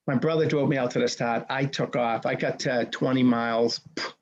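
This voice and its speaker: A man in his sixties, a race director, telling a personal story in a punchy, animated way, acting out the dialogue. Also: mid-range voice, moderate pace, dull audio. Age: 60s.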